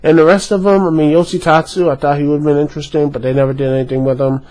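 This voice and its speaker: A man's voice: a little high, little pitch movement, fast talker, a little mellow, rough recording. A man giving a casual, rambling opinion rant as a vlogger, with many fillers and restarts. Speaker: wrestling commentary vlogger.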